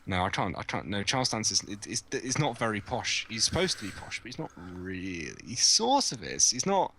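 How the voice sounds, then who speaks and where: A man's voice: fairly low pitch, sing-song, fairly quick, pushed and bright, slight background noise. A man with a Northern English accent chatting casually and jokingly on a gaming podcast, playing with silly accents. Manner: jokey, trying silly accents. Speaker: guest.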